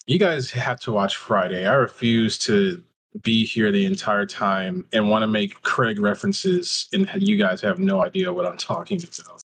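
A man's voice: on the low side, normal speed, breathy edge. A young man co-hosting a podcast, joking and laughing in casual chat. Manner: animated, joking, laughs often. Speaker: podcast co-host.

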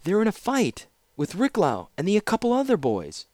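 A man voicing an eager, urgent young girl student in a high put-on voice. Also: wildly swooping pitch, normal speed, darkish tone, dry recording, studio quality.

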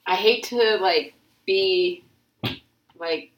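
A woman's voice: medium pitch, very slow, reverberant, poor audio. A young woman in her twenties chatting casually, rambling with lots of filler words and swearing. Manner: rambling, heavy use of filler "like", frequent swearing. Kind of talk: casual chat.

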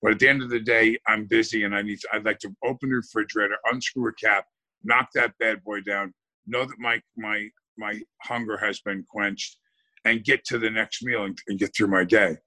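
Low-voiced man with a bright edge. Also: steady tone, normal speed. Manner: emphatic, talks in long run-on sentences. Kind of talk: casual chat.

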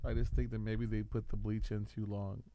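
A man's voice: lowish voice, level tone, normal speed, dark tone. A man co-hosting a casual podcast, teasing the others bluntly and swearing, in a studio. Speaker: podcast co-host. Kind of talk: casual chat.

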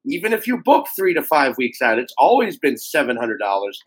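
A young adult man, a comedian guest, talking casually and animatedly with swearing, jumping into high-pitched mock voices. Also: big pitch swings, a little fast, husky, rough recording. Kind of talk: casual podcast chat.

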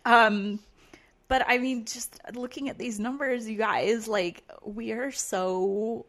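A woman's voice: a little high, fairly even intonation, slow pace, fairly bright tone. A woman co-hosting a casual podcast, rambling with many fillers and frequent laughs. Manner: rambling, giggly, lots of fillers. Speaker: podcast co-host.

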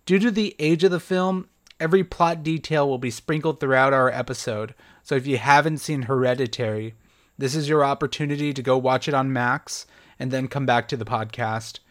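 A man's voice: medium pitch, moderate pace. A young man hosting a solo podcast, reviewing a horror film in a casual, chatty, self-deprecating way with light laughs.

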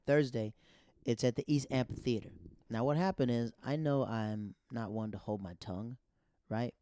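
A comedian hosting his podcast, telling stories in an animated, casual way and repeating himself as he quotes others. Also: medium pitch, smooth, no echo, clean studio sound. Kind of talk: casual storytelling monologue.

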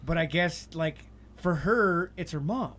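A man's voice: fairly high pitch, lively intonation, a little slow, a bit bright. A man telling wild stories in casual chat, swearing a lot and laughing often.

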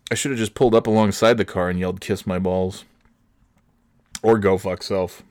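A man's voice: fairly low pitch, steady tone, brisk, a little mellow, no echo, studio quality. A middle-aged man hosting a podcast, ranting alone in a sarcastic, profane way. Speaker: podcast host. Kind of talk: solo comedic rant.

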